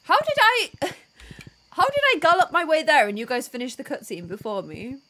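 A woman's voice: high voice, lively intonation, moderate pace, sharp tone, slight background noise. A woman hosting a co-op game session, chatting in a bubbly, giggly, self-mocking way. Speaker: gaming host. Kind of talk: casual co-op gaming chat.

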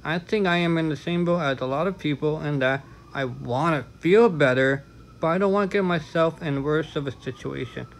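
A man's voice: on the high side, moderate pace, low-quality recording. A man vlogging in a casual talk to camera, frank and candid, with chatty asides.

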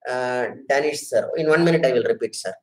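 Speaking a little fast at a medium pitch, a middle-aged Indian man gives a sincere online lecture, fielding audience questions. He tends to repeat phrases and says "sir" and "madam" to his listeners, all captured on a rough recording.

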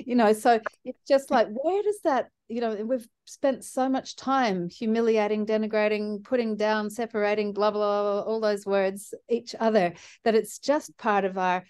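A woman's voice: mid-range voice, unhurried, a little mellow, clear, resonant tone, no room sound, clean studio sound. An older woman hosting a casual group conversation, telling reflective stories and laughing often.

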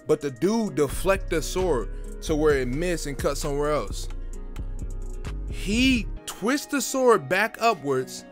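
An excited young man talking through a film recap with lots of street slang. His voice sits fairly high, he trips over his words when he gets worked up, and soft music plays behind him. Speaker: video creator reviewing a film.

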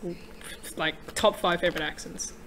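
A young woman with an Australian accent, hosting a casual livestream chat, giggly and quick to swear. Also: fairly low pitch, steady tone, very noisy. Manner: giggly, chatty, swears freely. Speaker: livestream host.

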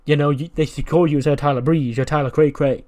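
A man voicing a cocky, flashy male wrestler who mocks his rival loudly. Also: on the high side, steady tone, fast, close to an everyday voice. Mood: taunting.

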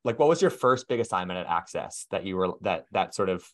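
A man hosting a casual interview, easygoing and quick to affirm his guest. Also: sits low, lively intonation. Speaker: interviewer, podcast host.

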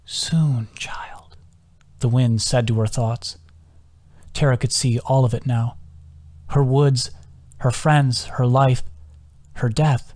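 A man, the author, reading his own novel aloud as an audiobook narrator, in an even, measured way with hushed quoted lines. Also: mid-range voice.

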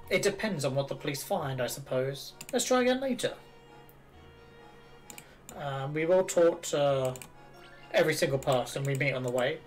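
A man's voice: fairly high pitch, expressive, measured pace, pauses often, soft background music. A man streaming a video game, chatting casually in a self-mocking way and reading the dialogue aloud. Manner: chatty, self-mocking, laughs at his own jokes.

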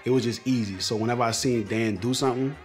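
A man's voice: medium pitch, quick pace. Laid-back man. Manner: laid-back slangy storytelling. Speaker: internet comedian. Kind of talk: casual storytelling interview. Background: music.

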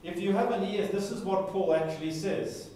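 A man's voice: high voice, fairly quick, mellow, slight background noise. A man teaching a Bible class in a chatty way, with playful asides and mock voices. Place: chapel classroom. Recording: echoey room from a distant mic.

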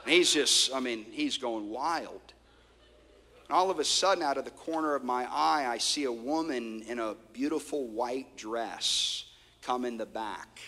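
A male pastor preaching a sermon, telling stories with swings from loud bursts to hushed tones. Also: mid-range voice, unhurried. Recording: long hall reverb.

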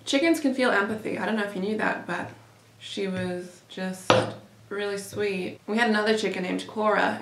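A young woman tells a storytime to her vlog audience in a loose, rambling way, full of "like" and the odd curse when she gets worked up. Her pitch sits in the middle range. The room gives her voice a roomy echo. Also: fairly bright tone. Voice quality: casual, rambling, swears when heated. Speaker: vlogger.

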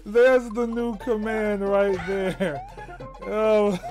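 A young man streaming a game live, chatting with viewers, laughing often and yelling when surprised. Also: high voice, fairly even intonation, drawn-out words, faint music behind. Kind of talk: casual live-stream commentary.

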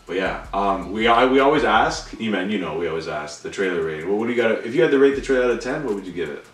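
A young man co-hosting a trailer reaction, chatting casually, excitable and swearing, his voice jumping up when worked up. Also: on the low side, fast talker. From Canada. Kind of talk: casual chat. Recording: echoey room, distant mic, faint music.

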